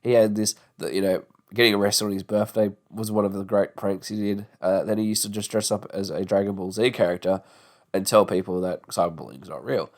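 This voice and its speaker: A man's voice: fairly low pitch, fairly even intonation, fairly quick. A young Australian man in his twenties hosting a solo podcast, rambling and swearing freely as he talks. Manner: rambling, swears freely, mocking put-on voices. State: sore tongue and jaw. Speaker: podcast host. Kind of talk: casual podcast monologue.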